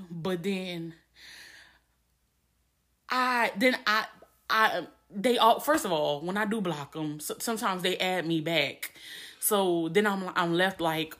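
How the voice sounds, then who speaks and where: A woman's voice: mid-range voice, fairly bright tone. A young adult woman podcasting alone, talking candidly and emotionally with many restarts, a little teary. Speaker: podcast host. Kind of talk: personal monologue.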